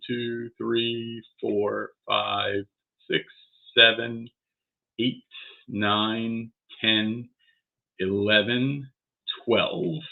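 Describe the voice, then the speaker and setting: Low-pitched and full of vocal fry, this card collector's voice carries an excited unboxing vlog. He opens graded trading cards while swearing and chattering to himself, heard through tinny, phone-style audio.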